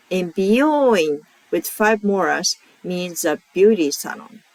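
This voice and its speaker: A woman with a Japanese accent teaching pronunciation, repeating each example word slowly and carefully. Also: mid-range voice, dry recording, low-quality recording. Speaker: language teacher. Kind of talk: slow, clear pronunciation lesson.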